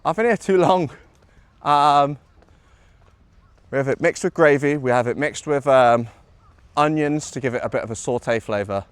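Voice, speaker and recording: Young scouse guy streaming, rambly with lots of ums and "bro", mid-pitched, dry close sound. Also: normal speed, pauses often, clear, resonant tone, no room sound. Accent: Liverpool. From Liverpool, England. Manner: chatty, rambling, with many ums and "bro" and "man". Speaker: IRL livestreamer. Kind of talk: casual live-stream chat reading chat aloud. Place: outdoors in Osaka, early morning.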